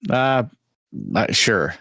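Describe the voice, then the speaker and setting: A man's voice: mid-range voice, lively intonation, very slow, pushed and bright, dry recording. A man co-hosting a podcast, mostly chiming in with brief agreeing remarks and small laughs. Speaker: podcast co-host. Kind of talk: casual chat, short reactions.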